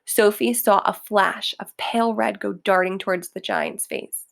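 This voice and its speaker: Woman reading a kids book out loud, real slow, bit of fry. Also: medium pitch, steady tone. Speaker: reader. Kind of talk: reading a children's book aloud.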